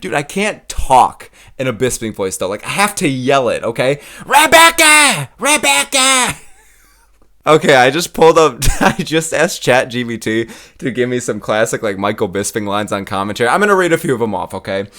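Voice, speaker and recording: A man's voice: medium pitch, animated, fairly quick, a bit bright. A young man hosting his own channel, talking casually, swearing freely and laughing often. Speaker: YouTube host. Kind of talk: casual profane chat.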